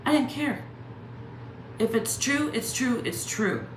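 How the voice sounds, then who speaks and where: A woman's voice: on the high side, expressive, slow, roomy sound, a little hiss or hum. A young woman ranting heatedly to the camera, swearing constantly and firing off rhetorical questions. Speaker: channel host ranting. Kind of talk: angry profane rant to camera.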